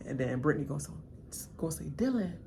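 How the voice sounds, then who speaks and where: A woman giving live reaction commentary to a reality show, slangy and animated, talking straight back at the people on screen. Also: a little slow, vocal fry, a little hiss or hum. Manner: animated, pitch jumps high when emphatic. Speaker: reaction channel host.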